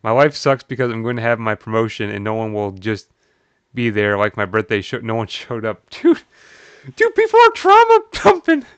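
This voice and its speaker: A man's voice: brisk, smooth, dry recording, muffled recording. A man streaming live, reading old forum posts aloud and reacting with incredulous, swearing commentary and frequent laughter. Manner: animated, incredulous, swears, laughs often, jumps up in pitch.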